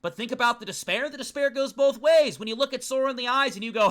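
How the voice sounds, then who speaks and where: A man streaming a visual novel game, reacting with excitable, profane rants to chat. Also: extremely high pitch, fast talker. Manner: excitable, ranting, swears often. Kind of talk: live game commentary.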